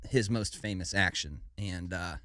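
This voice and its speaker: A man with a very deep voice retells history in a relaxed podcast chat, tripping over hard names and tossing in a casual "dude". His voice is recorded close and dry, with no room sound. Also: a little slow, no echo. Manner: laid-back, stumbles over foreign names, says "dude". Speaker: podcast co-host.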